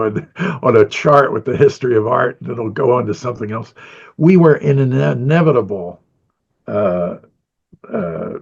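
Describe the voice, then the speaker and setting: A man's voice: medium pitch, vocal fry, a little mellow, slightly rough, lo-fi sound. An older man in a rambling interview about his animation career, a chuckling storyteller who acts out what people said.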